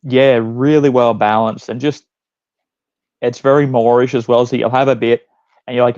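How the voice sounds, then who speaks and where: A man's voice: mid-range voice, steady tone, moderate pace, darkish tone. A man answers interview questions in an easygoing, laid-back way. His voice sits in a middle range, and the sound is dull and lo-fi. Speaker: guest. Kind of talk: casual interview.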